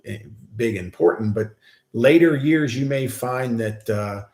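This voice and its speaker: A man's voice: mid-range voice, a little slow, a little mellow. A man appearing as a guest on a casual live stream, talking hesitantly with many restarts and agreeing easily. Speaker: guest, co-worker of the host. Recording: roomy echo.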